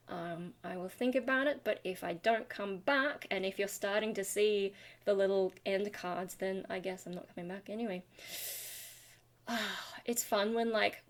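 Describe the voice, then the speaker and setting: A tired young woman, a singer and channel host, rambling casually and self-deprecatingly about vocal technique into a webcam. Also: mid-range voice. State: tired from lack of sleep. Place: home, talking to a webcam.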